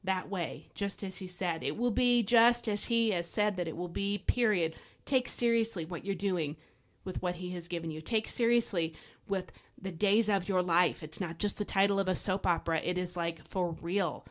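A woman's voice: lowish voice, normal speed. A woman hosting a devotional podcast, preaching fervently and urging listeners to act, with folksy asides and repeated emphasis. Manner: fervent, exhorting, direct address to listeners. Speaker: podcast host and Bible teacher.

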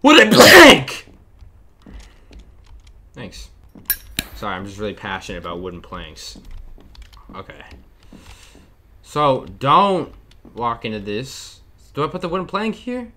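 A man's voice: lowish voice, sing-song, normal speed, long pauses, very noisy. Jumpy young man, game commentary over clicking keys. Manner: nervous, jumpy, talks to viewers while playing. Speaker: gaming streamer. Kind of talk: horror game let's play commentary. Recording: keyboard and mouse clicks behind the voice.

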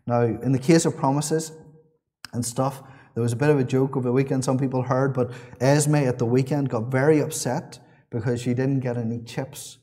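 A man's voice: mid-range voice, fairly even intonation, normal speed, dark tone. A man preaching a sermon in a church, earnest and repeating his key phrases, with small restarts.

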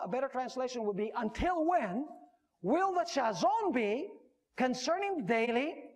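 A man, a pastor, preaching a sermon, rising sharply on key words and asking the audience questions. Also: high-pitched.

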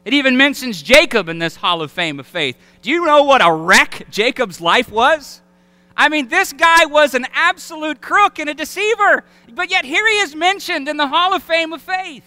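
A male pastor with a Southern American accent, preaching an animated sermon that acts out voices and quotes. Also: extremely high pitch, normal speed, no echo. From Alabama. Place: church sanctuary.

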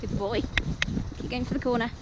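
A woman's voice: a little high, steady tone, a little fast. A woman riding in an outdoor arena and talking to her horse, praising and coaxing it with frequent laughs, recorded on a helmet camera. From Britain. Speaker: horse rider filming her ride. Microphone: helmet-mounted action camera. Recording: noisy outdoor recording, hoof sounds.

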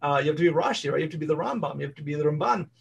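A man teaches a small study group in an easygoing, conversational way. He reads short passages aloud and then explains them in everyday English, full of "um" and "you know." His voice sits slightly high and has a husky edge. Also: animated, very fast. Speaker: Torah class teacher. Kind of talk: casual study-group lesson.

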